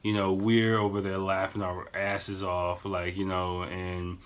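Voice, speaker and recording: A man's voice: low-pitched, monotone, a little slow. A man in his thirties telling a story on his podcast in a rambling, profane, casual way. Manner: rambling, profane, lots of fillers. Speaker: podcast host.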